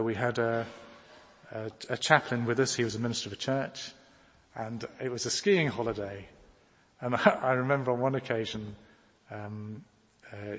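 A man delivers an earnest, pleading sermon. His voice is husky and mid-pitched. It rings out with a long reverb, as if in a large church hall. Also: fairly bright tone. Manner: earnest, pleading, rising to emphatic questions. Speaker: preacher. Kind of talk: sermon with storytelling.

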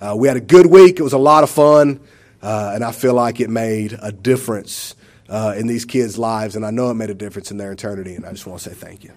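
A man's voice: fairly low pitch, fast, darkish tone. A man, telling a church testimony in a rambling, emotional way with many fillers. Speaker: church member giving a testimony.

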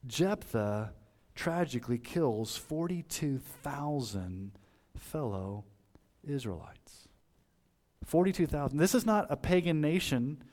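A man preaching a sermon as pastor, his voice rising sharply on emphasis and dropping low and quiet on grave points.

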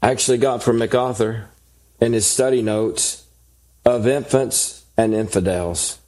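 Guy preaching a sermon, slow and measured, stresses each point. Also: lowish voice, a little mellow. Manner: slow, deliberate preaching with emphatic lists. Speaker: pastor.

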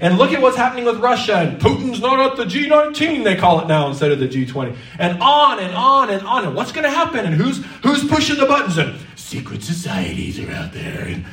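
A man preaching a sermon in a church hall, lively and theatrical, sometimes slipping into mock-panicked voices. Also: sits high, distant mic. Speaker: pastor.

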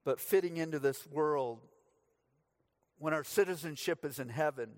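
A man's voice: a little high, moderate pace. A middle-aged man from the United States, preaching a sermon as pastor, telling stories with dry humor.

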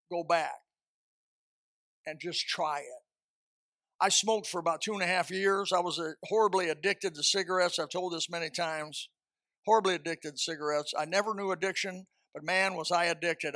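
A man delivers a sermon full of fervent, folksy storytelling and repeated phrases, frequently rising into loud, high-pitched outbursts. The recording is dry, with clean studio sound.

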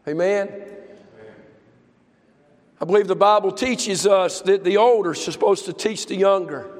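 An older man preaching a folksy, impassioned sermon that builds to shouts. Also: high voice, a little slow. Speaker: pastor. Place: church service. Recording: long church reverb.

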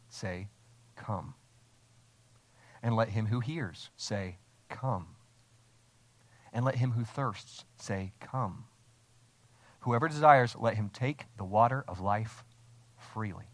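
A man preaching an expository sermon as a pastor, speaking with emphasis and asking his congregation rhetorical questions. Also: fairly low pitch. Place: church, streamed online.

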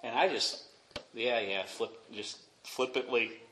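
A young man preaching a sermon as pastor, dropping to quiet asides and rising to loud, emphatic peaks. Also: medium pitch, takes it slowly. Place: church sanctuary. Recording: echoey room, faint noise.

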